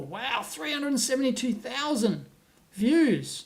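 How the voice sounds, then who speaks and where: An Australian man hosting a casual livestream. He reads viewer comments aloud, laughs often and rambles as he thinks out loud. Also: sits high, normal speed. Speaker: livestream host. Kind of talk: casual live-stream chat, reading viewer comments aloud. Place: at home on a laptop, away from his office.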